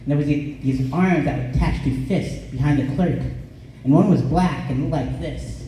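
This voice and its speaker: A man from Colorado doing deadpan stand-up comedy, his slightly high, mellow voice caught from a distance in a very echoey club. Faint room noise sits under his dry delivery. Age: 20s or older. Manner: deadpan, sings a parody song at a slow drawn-out pace. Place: small comedy club stage.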